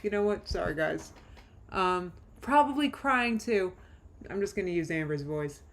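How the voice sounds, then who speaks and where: A woman's voice: on the low side, expressive, measured pace. A woman hosting a live reaction stream, reading out texts and thanking chat in a chatty, snarky, often laughing way. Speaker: drama commentary streamer.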